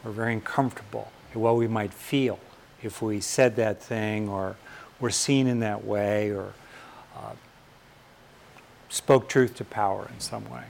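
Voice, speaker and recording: An older American man from California giving a thoughtful, reflective talk on fear and courage, pausing often and rising in emphasis on key points. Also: fairly low pitch, fairly even intonation, vocal fry, a little mellow, a little hiss or hum.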